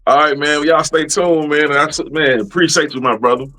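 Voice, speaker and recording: A man's voice: a little high, brisk, sharp tone, soft background music. A man, a podcast host chatting in an easygoing way that is full of "man" and "yeah". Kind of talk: casual interview chat.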